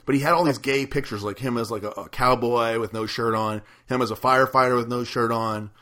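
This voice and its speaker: A man's voice: mid-range voice, fairly even intonation, brisk, bright, forceful tone. A man hosting a podcast, trading loose, profane banter with his co-host. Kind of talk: casual chat.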